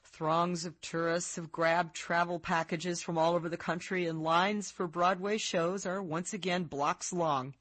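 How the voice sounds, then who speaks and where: A woman, an author, reading her own book aloud in a measured, reflective way. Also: on the low side, fairly even intonation, fairly bright tone, dry recording.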